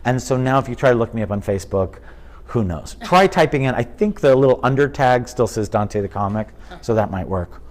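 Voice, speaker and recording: A man in his fifties, a comedian chatting in an interview, telling animated stories and slipping into impressions. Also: mid-range voice, a little fast. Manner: animated storyteller, drops into impressions. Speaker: comedian guest. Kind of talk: casual interview chat.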